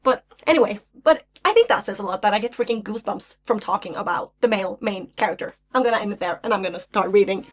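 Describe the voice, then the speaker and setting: A young woman chatting casually in a reading vlog, gushing and excitable, swearing often. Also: medium pitch, quick pace, few pauses. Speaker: book vlogger.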